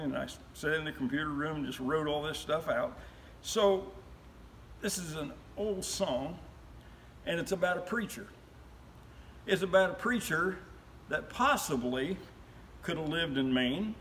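A high-pitched man recites a comic story poem in a steady, rhythmic cadence. He builds to loud cries at the high points, with a faint hiss behind him. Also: normal speed, rough recording. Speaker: guest.

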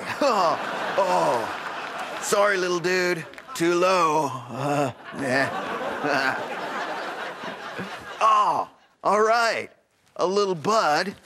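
A man's voice: high voice, animated, extremely slow, long pauses, a crowd in the background, background noise, full character voice. A man playing a laid-back stoner who drawls and giggles.

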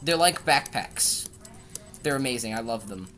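Low-voiced woman hosting a gaming chat. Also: lively intonation, a bit bright, faint music behind. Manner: chatty, quick restarts. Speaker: host.

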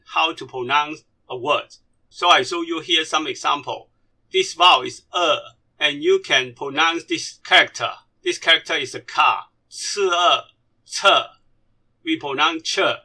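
A man whose first language is Cantonese teaches a language lesson in English. He speaks very slowly with a bright, sharp tone and a slightly raised pitch, drilling each syllable deliberately. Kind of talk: slide-based language lesson.

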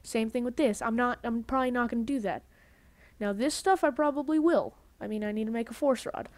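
A woman talks through her game on a headset in a somewhat high voice. She rambles, grumbles and keeps cutting herself off mid-sentence, in the loose manner of a casual let's-play. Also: brisk, dry recording. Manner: rambling, self-interrupting, grumbling. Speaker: gaming video host.

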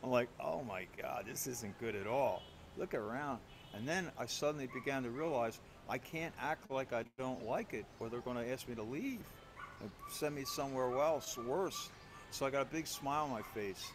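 Guy preaching at mass, chatty self-deprecating storyteller, middle pitch, bit of faint hiss. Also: animated, normal speed. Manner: self-deprecating storyteller, conversational with frequent restarts. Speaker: priest. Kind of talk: homily. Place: church.

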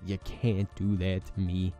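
A man's voice: deep voice, monotone, measured pace, mellow, soft background music. Exhausted, swearing young man gaming. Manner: swears often, frustrated at the game. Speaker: gaming channel host. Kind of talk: let's play commentary.

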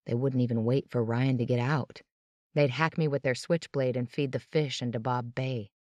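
A woman's voice: a bass voice, steady tone, normal speed, darkish tone, dry recording, highs cut off. A woman narrating a tense, dramatic first-person audiobook.

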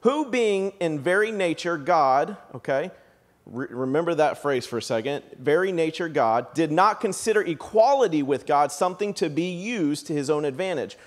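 Man, pastor, sermon, animated delivery, fairly high voice. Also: normal speed. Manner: animated, acts out excited crowd voices.

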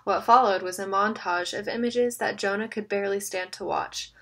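A woman reading an audiobook aloud, with steady, measured storytelling. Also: mid-range voice. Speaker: audiobook narrator. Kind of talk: scripted narration.

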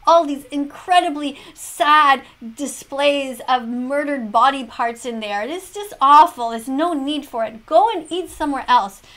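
Speaking at a measured pace with hardly any pauses, this woman has a high, slightly bright voice. Playing a teacher, she comments on a video as if grading a class, lecturing, moralizing, and awarding check marks.

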